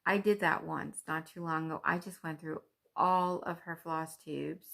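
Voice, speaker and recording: A woman's voice: deep voice, steady tone, unhurried, vocal fry, a bit bright. A woman from Canada chatting casually and cheerfully to her viewers about her stitching, with frequent ums. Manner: chatty, upbeat, with many ums. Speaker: cross-stitch vlogger.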